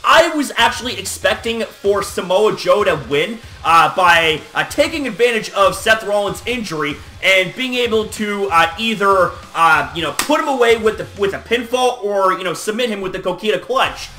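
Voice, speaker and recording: A man giving a casual, excitable rant that recaps a wrestling show, swearing often and laughing in disbelief. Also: high-pitched, moderate pace, hardly any pauses, reverberant.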